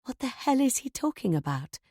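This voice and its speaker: A woman reading a first-person thriller audiobook in a measured, tense way. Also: sits high, sing-song, mellow, no echo, studio quality. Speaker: audiobook narrator.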